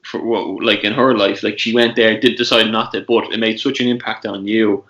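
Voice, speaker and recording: A man hosting a podcast, asking questions in a halting way with restarts and frequent "you know.". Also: fairly low pitch, steady tone, fairly bright tone, dull audio. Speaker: podcast host. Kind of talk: interview questions.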